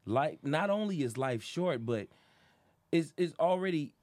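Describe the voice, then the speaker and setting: A man's voice: on the high side, animated, a little mellow, no room sound. A man guest on a podcast, speaking earnestly and reflectively in casual chat. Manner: earnest, reflective, drawn-out phrasing.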